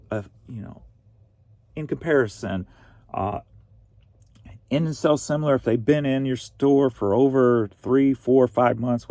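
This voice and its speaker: A man's voice: medium pitch, mellow, no echo. A man from Missouri, a reselling vlogger with a sore throat, chatting in a rambling, wry way. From Missouri, USA. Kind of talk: casual vlog chat.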